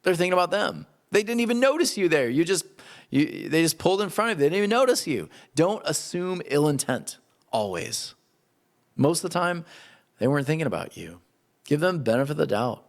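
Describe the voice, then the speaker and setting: A man preaching a sermon in an animated, conversational way. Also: mid-range voice. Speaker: pastor.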